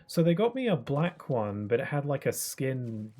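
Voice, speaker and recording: A man's voice: mid-range voice, sing-song, normal speed, dark tone. Rambling young man streaming a game. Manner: rambling, with many fillers and restarts. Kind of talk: casual live-stream gaming chat.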